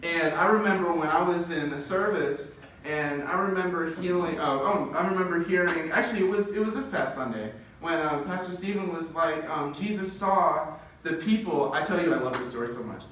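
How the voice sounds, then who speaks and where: A young man preaching a sermon, telling a parable with quick laughs and building to impassioned lists. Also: fairly high pitch, a bit bright, a little hiss or hum. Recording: echoey room, distant mic.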